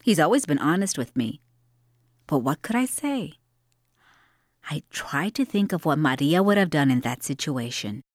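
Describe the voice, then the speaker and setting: A woman's voice: sits low, sing-song, normal speed, pauses often, dry recording, studio quality. A middle-aged woman narrating a dramatic monologue in a reflective, wry manner.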